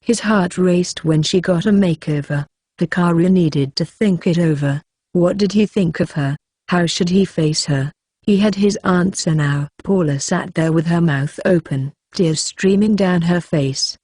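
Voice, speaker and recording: A woman reading a fantasy novel aloud in a steady, even storytelling manner. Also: fairly low pitch, unhurried, slightly rough, dry recording, clean studio sound. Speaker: audiobook narrator. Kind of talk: scripted narration.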